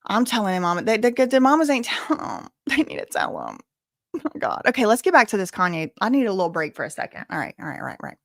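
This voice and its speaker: A woman hosting a casual livestream commentary, reading out chat messages and reacting loudly, repeating phrases and exclaiming with disgust. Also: medium pitch, wildly swooping pitch, quick pace, vocal fry, no echo, clean studio sound.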